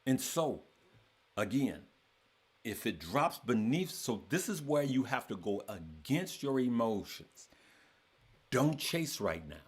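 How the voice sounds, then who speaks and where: A man's voice: mid-range voice, breathy edge. A man hosting a trading course, talking casually to his members and repeating phrases for emphasis.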